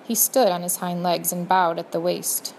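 A woman narrating a children's storybook, speaking directly to the reader in a gently expressive way. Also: on the low side, normal speed, gravelly, a little hiss or hum, rough recording. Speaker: audiobook narrator.

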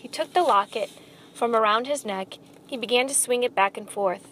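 A woman reading a children's storybook aloud, expressive and speaking straight to the listener. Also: fairly high pitch, normal speed, slight background noise. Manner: expressive, addresses the listener directly.

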